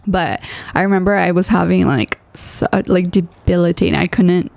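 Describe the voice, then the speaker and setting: A woman co-hosting a podcast in easy, rambling conversation, her voice gravelly with a dry, close sound. She circles back often, with filler words and restarts. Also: on the low side, moderate pace, darkish tone, no room sound. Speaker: podcast co-host. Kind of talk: casual chat.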